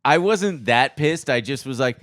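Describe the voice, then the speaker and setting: A man co-hosting a podcast, telling animated stories in casual chat and mimicking other people's voices. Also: mid-range voice, a little slow, no room sound. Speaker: podcast co-host.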